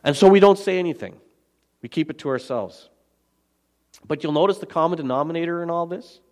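A pastor preaching a sermon in an earnest, emphatic manner, slowing down and repeating key phrases. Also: male voice, fairly high pitch, a little mellow.

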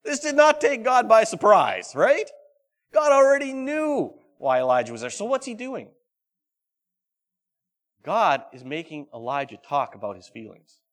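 A man preaching a sermon. He reads scripture aloud dramatically and keeps asking the congregation questions, swinging between loud and hushed delivery. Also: high voice, very animated, unhurried. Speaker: pastor.

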